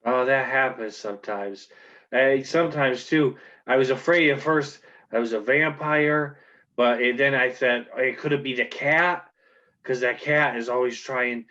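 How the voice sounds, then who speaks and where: Man plays a dazed, frightened village woman in a tabletop game; slow, dull audio. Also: mid-range voice, pushed and bright. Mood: groggy. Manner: drowsy, rambling, fearful. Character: groggy confused young village woman.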